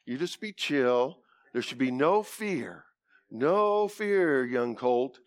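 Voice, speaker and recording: A man preaching, voicing Jesus as he calmly reassures a young colt in a soft, low voice. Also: a little fast. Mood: soothing. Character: calm gentle Jesus soothing a young colt.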